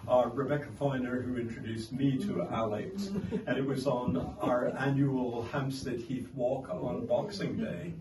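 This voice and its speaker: A man's voice: medium pitch, a little slow, few pauses, a crowd in the background. A man giving a hesitant, informal speech at a book launch, full of ums and asides. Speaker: guest speaker at a book launch. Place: indoor event room with guests. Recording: echoey room, distant mic, noisy.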